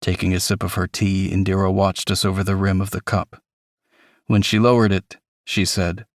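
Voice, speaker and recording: A man's voice: low voice, level tone, dry recording, clean studio sound. Reflective male audiobook narrator. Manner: reflective, measured storytelling. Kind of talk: first-person audiobook narration.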